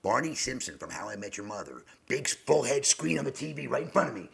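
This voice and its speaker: A middle-aged man telling a long personal story in a rambling, halting way, often sinking into a hushed whisper. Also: mid-range voice, very animated, gravelly, husky. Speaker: podcast host.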